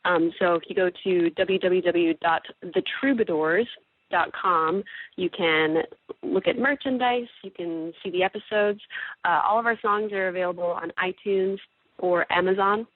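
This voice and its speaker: A woman's voice: on the low side, moderate pace, no echo. A young woman, a guest voice actress, chatting casually in an interview with lots of "like" and "you know". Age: young adult. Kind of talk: casual interview over the phone. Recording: tinny phone line.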